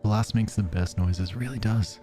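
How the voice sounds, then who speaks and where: An Australian man chatting casually while streaming a game, reacting to viewers' messages with soft chuckles. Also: fairly low pitch, a little slow, soft background music. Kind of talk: casual gameplay commentary.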